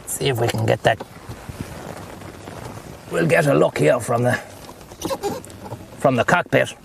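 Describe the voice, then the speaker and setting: Gravelly-voiced Irish man streaming from a car. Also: mid-range voice, unhurried, background noise. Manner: rambling, profane banter. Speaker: livestreamer. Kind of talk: casual chat while driving.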